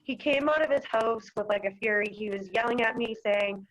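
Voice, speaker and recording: A woman's voice: a little high, brisk, fairly bright tone, poor audio. A young woman from Massachusetts telling a town board about an incident over a video call, rambling with lots of "like" and "you know". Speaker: dog owner at a hearing.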